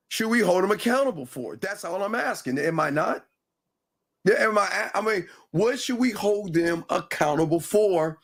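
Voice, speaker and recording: A man's voice: high voice, expressive, normal speed, vocal fry, a bit bright. A man co-hosting a live call-in stream, talking bluntly and animatedly, repeating his points. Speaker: livestream co-host. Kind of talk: casual live call-in chat.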